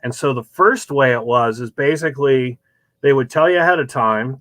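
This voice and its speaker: A man as a guest on a show, telling rambling, animated stories full of ums and uhs. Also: medium pitch, normal speed, no room sound. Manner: rambling, many fillers, animated storytelling. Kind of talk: casual chat, anecdotes.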